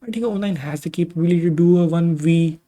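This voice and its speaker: A man's voice: a little high, rapid-fire, mellow. A man casually commentating video game wrestling matches, rambling off into tangents and personal asides between the calls. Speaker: gaming channel host commentating simulated matches.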